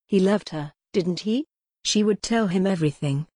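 A woman's voice: mid-range voice, no echo, clean studio sound. Woman narrating a gothic audiobook. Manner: steady, measured storytelling.

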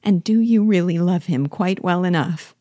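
A woman reading the part of a witty, lively young woman in a storybook reading, speaking in a wry, earnest way. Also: fairly low pitch, normal speed, no echo, clean studio sound, close to an everyday voice. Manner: wry, earnest, gently teasing.

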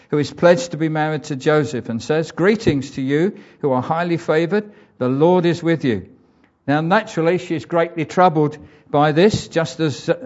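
A man's voice: a little high, a little mellow. An older man preaching a conversational sermon, reading scripture aloud and reflecting on it. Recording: dull lo-fi church recording.

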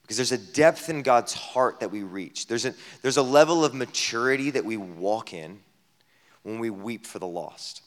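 A man preaching a sermon as a pastor at a camp gathering, talking conversationally with many rhetorical questions, dropping to a hush and then rising loud. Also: medium pitch, animated, normal speed. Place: camp meeting hall. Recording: long hall reverb.

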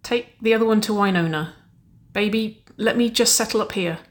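A woman's voice: medium pitch, normal speed, voice pushed up, natural voice. A woman voicing a playful, cheeky young woman, the younger sister, in an audiobook reading.

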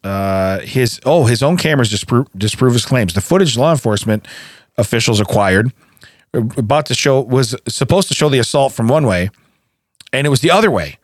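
A man's voice: medium pitch, brisk, no room sound. A man co-hosting a casual comedy podcast, laughing often as he tells stories, recorded on a studio mic. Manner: laughs often, animated storytelling. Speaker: podcast co-host.

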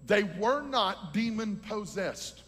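High-voiced fervent preacher man in a hall. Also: lively intonation, slow. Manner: fervent, rising to shouts, teaching from scripture. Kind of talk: preaching a sermon. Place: large hall with a congregation. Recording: long hall reverb.

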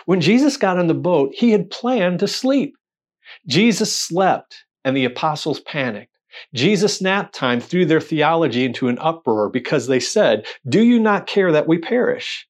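Man preaching an animated sermon. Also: on the high side, unhurried. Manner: animated storytelling with rhetorical questions and quoted voices.

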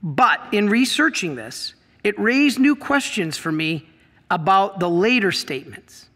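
A middle-aged man preaching from the pulpit with an unusually high, bright and forceful voice. He presses his points hard and fires questions out at the congregation, and his words ring on in the long reverb of a church. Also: big pitch swings, unhurried. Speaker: priest. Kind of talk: sermon.

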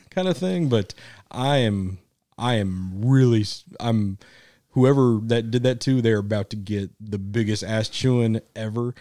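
A man's voice: lowish voice, moderate pace, a little mellow, no room sound, studio quality. A man co-hosting a podcast, telling a rambling story with frequent laughs and casual swearing. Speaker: podcast co-host. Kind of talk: casual chat.

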